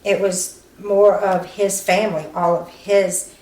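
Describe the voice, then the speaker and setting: A woman interviewed about her sister's death, speaking haltingly and acting out what people said to her. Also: medium pitch, flat delivery, a little mellow. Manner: halting, acts out quoted dialogue, frequent "um" and "you know". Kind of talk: recounting events in an interview. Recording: echoey room with faint background noise.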